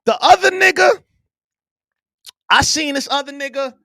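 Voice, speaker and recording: A man hosting a live online show, ranting loudly and profanely with bursts of yelling. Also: very high voice, moderate pace, no echo, clean studio sound. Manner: loud, profane, animated, yelling at times. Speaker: podcast host. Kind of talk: heated live-stream rant.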